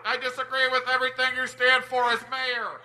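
A man's voice: extremely high pitch, little pitch movement, a little fast, pushed and bright, heavily acted. A man voicing a fussy homeowner who complains earnestly and stammers when pushed. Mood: complaining. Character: fussy complaining male homeowner, meek and whiny. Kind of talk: improvised comedy sketch. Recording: reverb-soaked, faint music behind.

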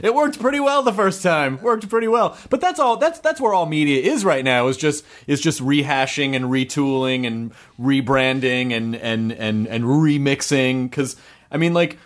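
A man's voice: medium pitch, expressive, moderate pace. A man hosting a casual podcast chat, playful and riffing, often restarting his sentences. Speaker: podcast host.

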